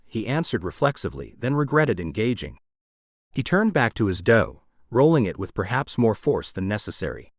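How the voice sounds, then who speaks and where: A man narrating a romantic comedy audiobook with expressive storytelling. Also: lowish voice, moderate pace, no echo, clean studio sound.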